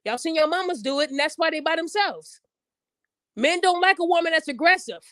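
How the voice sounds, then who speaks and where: A woman's voice: very high-pitched, expressive, fairly quick, a bit bright, no room sound. A woman hosting her own podcast, talking bluntly and casually, acting out quotes in raised voices. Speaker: podcast host. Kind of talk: casual chat.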